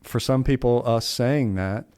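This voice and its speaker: A man's voice: mid-range voice, unhurried, darkish tone, clean tone. A middle-aged man co-hosting a podcast, telling a story in a casual, rambling way with restarts and folksy asides. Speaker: podcast co-host.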